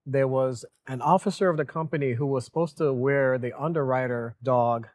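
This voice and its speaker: Middle-aged man, mid-pitched voice, wry and self-deprecating company president in casual talk. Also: moderate pace, darkish tone, no echo. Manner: dry humor, laughs at himself. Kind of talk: casual on-camera chat.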